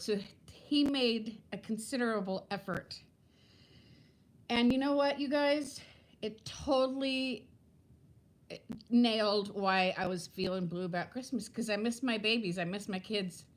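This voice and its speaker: A woman in her fifties chatting to viewers on a live stream from home, greeting them by name and telling a story in a warm, gushing way. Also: fairly high pitch, rough recording. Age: 50s. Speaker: vlogger hosting a live stream.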